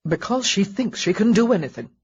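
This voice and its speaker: A woman voicing an exasperated young gentleman in an audiobook, speaking in curt, blunt statements. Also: fairly low pitch, animated, moderate pace, breathy edge, dull audio.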